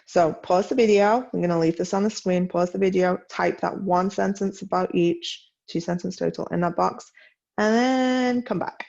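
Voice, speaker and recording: A woman teacher giving a recorded class lesson, reading French slowly and carefully and explaining tasks in English. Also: fairly low pitch, gravelly, darkish tone, dull audio. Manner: slow, carefully enunciated French read-along, brisker English instructions.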